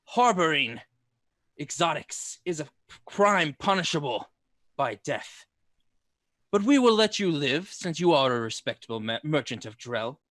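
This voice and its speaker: A man's voice: a little high, big pitch swings, a little slow, fairly bright tone, no echo. A sneering soldier talks down to a beaten man with cold contempt, voiced by a man. The delivery is officious and dry, close to the mic, like a game master's table.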